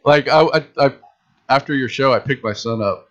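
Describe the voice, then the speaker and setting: A man's voice: medium pitch, normal speed, a bit bright. A man hosting a podcast, chatting casually and laughing along with his guest. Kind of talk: casual chat. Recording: dull lo-fi podcast audio.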